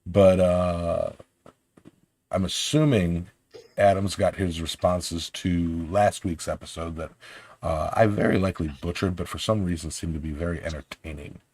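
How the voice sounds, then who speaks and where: A man's voice: low voice, steady tone, normal speed, a little mellow. A man co-hosting a casual podcast, rambling and joking as he talks, with plenty of restarts and fillers. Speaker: podcast co-host.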